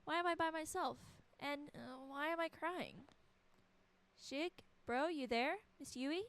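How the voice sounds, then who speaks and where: A woman's voice: high-pitched, measured pace, fairly bright tone, pitched above the performer's own voice. Mayu, a woman reading a scared schoolgirl. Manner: panicky, pleading. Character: frightened teenage schoolgirl, Mayu.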